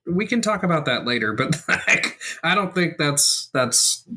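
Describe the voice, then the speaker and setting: A woman chats as a player in a tabletop game, reassuring her friend between laughs. Her voice sits very low yet moves a lot in pitch. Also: big pitch swings, a little slow, bright, forceful tone. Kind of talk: casual tabletop chat.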